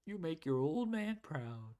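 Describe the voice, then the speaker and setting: Brief: a doting old lakeside caretaker with a shaky put-on southern drawl, a gamer voicing him. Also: male voice, high voice, lively intonation, slow, background noise, pitched above the performer's own voice, full character voice. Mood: fond.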